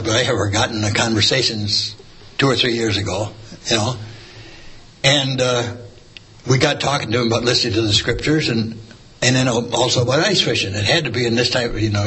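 A man's voice: medium pitch, sharp tone, poor audio. A man tells a story casually. He rambles, with many fillers and restarts, as he shares a church testimony. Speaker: church member sharing a testimony.

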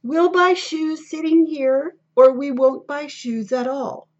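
A woman reading the part of a proud preacher father who speaks in a quiet but very firm way, on a dull lo-fi recording. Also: sits high, slow, creaky, husky, heavily acted. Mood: angry.

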